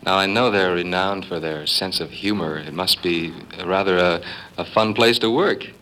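Male interviewer, very low voice, sharp bright tone, light hiss. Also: moderate pace, low-quality recording. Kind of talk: broadcast interview.

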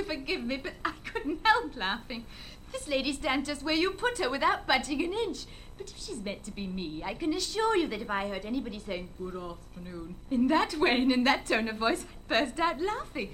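A proud young mourner, high-strung. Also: female voice, very animated, normal speed, a bit bright, slight background noise. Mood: mocking. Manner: emotional, indignant. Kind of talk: radio play acting.

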